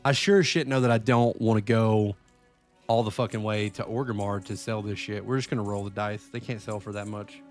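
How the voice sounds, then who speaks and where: Profane, excitable man streaming a game. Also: lowish voice, fairly quick, soft background music. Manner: profane, excitable, talks to chat. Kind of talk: live-stream gameplay chat.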